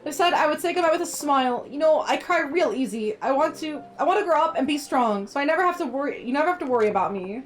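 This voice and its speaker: A woman's voice: high voice, lively intonation, fast talker, hardly any pauses. A woman reading as an earnest tearful young boy.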